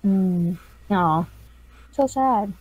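A woman's voice: mid-range voice, animated, drawn-out words, darkish tone, muffled recording. Playful, teasing woman podcast host. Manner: playful, teasing, laughs often. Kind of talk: casual chat.

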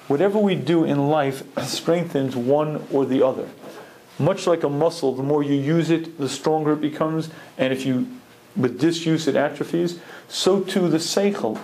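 A man teaching a humorous Torah lecture, telling stories with jokes and clearing his throat often. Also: on the high side, warm tone, slight background noise, poor audio.

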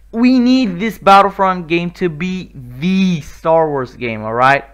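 A man with a fairly high voice hosts a casual reaction video. He talks at a slow, drawn-out pace between sudden loud, swearing outbursts of excitement. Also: clean tone, muffled recording. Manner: excitable, swears a lot, loud bursts of exclamation. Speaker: YouTube reaction host.

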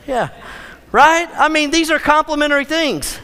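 A male pastor preaching a sermon, emphatic, with dramatic slowdowns and playful acted-out quotes. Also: very high-pitched, bright, forceful tone, in a large hall. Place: church sanctuary.

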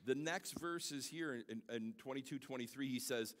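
A male pastor preaching a sermon in a church, swinging from shouted exclamations to soft, near-tearful asides. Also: medium pitch, normal speed. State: holding back tears. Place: church sanctuary. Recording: long hall reverb.

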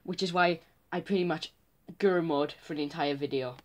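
A man's voice: a little high, brisk, slight background noise. Self-mocking teenage boy vlogger. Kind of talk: casual reaction commentary.

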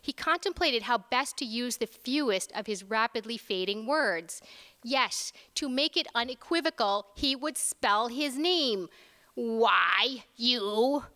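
A woman author reading her own fiction aloud at a conference, expressive and switching into character voices. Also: fairly high pitch, unhurried. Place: large lecture hall. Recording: reverberant lecture hall.

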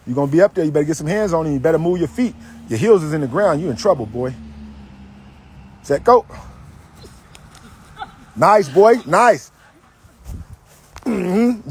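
High husky coach guy, barks drills and trash talks, voice jumps all over. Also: moderate pace, pauses often. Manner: loud, teasing, energetic barked commands. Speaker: football coach.

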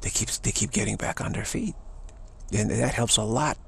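Gravelly-voiced man giving a spiritual talk. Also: on the low side, normal speed. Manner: rambling and animated, acting out voices. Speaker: spiritual teacher.

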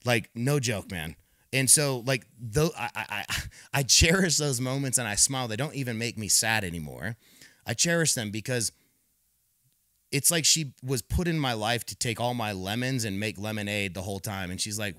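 A man's voice: medium pitch, lively intonation, normal speed, sharp tone, no room sound, studio quality. Man telling his story with emphatic restarts. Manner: emphatic, repeats words when restarting, quotes others in his own voice. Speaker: podcast guest. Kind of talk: candid personal storytelling.

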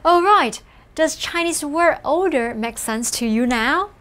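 A woman narrating a scripted language lesson, explaining slowly and carefully and encouraging the learner. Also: high-pitched, lively intonation, fairly bright tone. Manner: slow, careful, encouraging explanation with model phrases. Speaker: language teacher.

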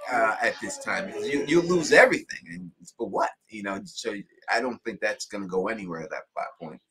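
A man's voice: fairly low pitch, fairly quick, poor audio. A man chatting as a guest on a livestream, telling stories with animation and acting out quotes. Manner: animated storyteller, acts out quotes. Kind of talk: casual livestream chat.

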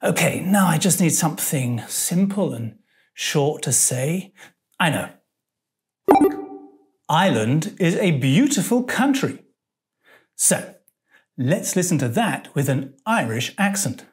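A woman's voice: deep voice, lively intonation, a little slow. A woman presenting an English lesson in a playful way, with hesitant fillers and puzzled asides. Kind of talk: scripted educational presentation.

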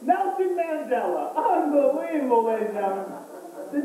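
High-voiced comedian in an echoey club. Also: male voice, sing-song. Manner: hammy emcee delivery, drawn-out asides. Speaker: stand-up comedian. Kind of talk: stand-up comedy set. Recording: far-off, echoey club recording with hiss.

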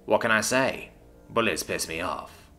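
A man voicing a brash, hot-headed young human man who speaks bluntly in a low mutter. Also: unhurried, pushed and bright, soft background music.

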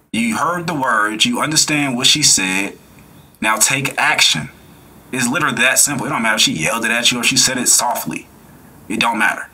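A man's voice: mid-range voice, sharp tone, breathy edge. A young man giving casual, blunt reaction commentary, hammering his point home with repetition. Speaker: reaction streamer.

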